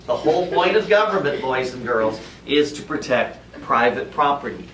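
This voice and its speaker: A man's voice: mid-range voice, normal speed. A male teacher lectures with playful energy and teases his students as he goes. The recording is distant and echoey, with classroom noise underneath. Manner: playful, animated, joking with students. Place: school classroom. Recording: echoey classroom, mic far off, noisy.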